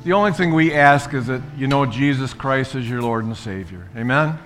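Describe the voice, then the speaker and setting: A man's voice: mid-range voice, normal speed, fairly bright tone, faint music behind. A man pastor preaching a sermon in a church, fervently urging the congregation to praise. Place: church sanctuary.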